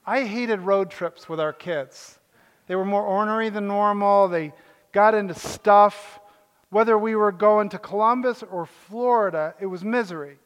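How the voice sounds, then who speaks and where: A man's voice: sits high, measured pace, smooth. An older man, a pastor, preaching a sermon in a joking, conversational way with asides. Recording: echoey hall reverb.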